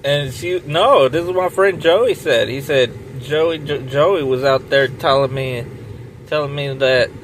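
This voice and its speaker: A man telling a profane, rambling comic story, retelling what a friend said with loud swings in his voice. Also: medium pitch, a little slow, slight background noise, rough recording. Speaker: comedian.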